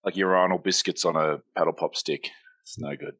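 An Irish man co-hosting a podcast, teasing the others in quick, witty casual chat. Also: sits low, sing-song, creaky, a bit bright. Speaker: podcast co-host.

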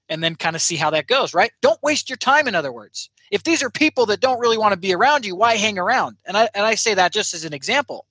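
Motivational communication coach, husky edge, dry close sound, quizzes the audience. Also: mid-range voice, lively intonation, fast, few pauses, pushed and bright, no echo. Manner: asks the audience rhetorical questions; acts out short example phrases. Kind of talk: motivational teaching talk to an audience.

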